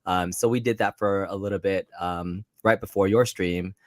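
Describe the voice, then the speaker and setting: A man's voice: sits low, fairly even intonation, normal speed, no echo. A tired man on little sleep, telling a rambling story in laid-back casual chat as a podcast co-host.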